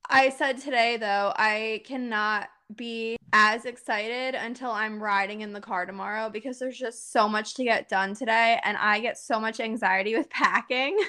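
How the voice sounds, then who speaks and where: Young woman co-host, high voice, casual chat, breaks into giggles. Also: fairly even intonation, moderate pace, few pauses, sharp tone. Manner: giggly, laughs through her story. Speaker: podcast co-host.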